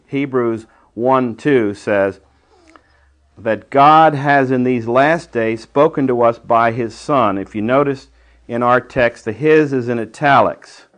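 Male preacher, mid-pitched voice, teaching Bible study with emphatic, explanatory delivery. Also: a bit bright. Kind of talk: sermon.

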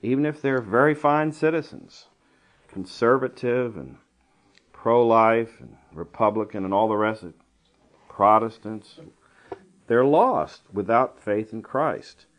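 A man's voice: mid-range voice, takes it slowly. A man teaching a verse-by-verse Bible lesson in a conversational style, with dry asides and digressions. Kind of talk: Bible study lecture.

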